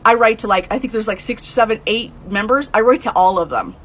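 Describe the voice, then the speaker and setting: A woman in her thirties or older, telling her own story in a blunt, heated way, swearing and breaking into high outbursts. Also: fairly quick, a bit bright, low-quality recording. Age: adult, over 30. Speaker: true crime vlogger telling her mother's case. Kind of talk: emotional first-person storytelling.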